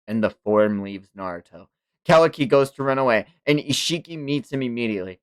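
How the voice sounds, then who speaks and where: A man streaming a manga read-along, narrating the action in a casual way with quick informal asides. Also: medium pitch, clean tone.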